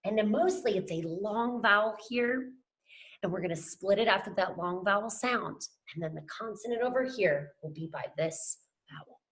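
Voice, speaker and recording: A woman's voice: mid-range voice, lively intonation, moderate pace, a bit bright. A young adult woman teacher giving a phonics lesson to children, upbeat and encouraging, talking to them as friends. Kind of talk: scripted classroom lesson to camera.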